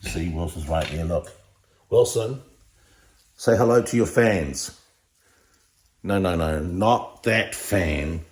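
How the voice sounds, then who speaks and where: A bodybuilding vlogger cooks in his home kitchen, chatting casually to his phone camera, joking, rambling and talking to his dog. His voice is low-pitched, slow and full of pauses. The room echoes and a noisy fan hums throughout.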